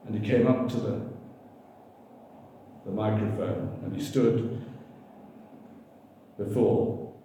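An older man preaching a sermon, slow and emphatic, calling out to the congregation for responses. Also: medium pitch, mellow, far from the mic. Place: large echoey church hall. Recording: echoey hall, faint room noise.

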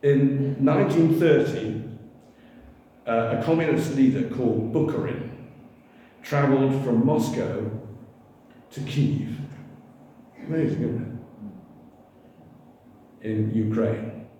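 An older man preaching a sermon, slow and emphatic, calling out to the congregation for responses. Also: mid-range voice, dark tone, distant mic. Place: large echoey church hall. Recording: echoey hall, faint room noise.

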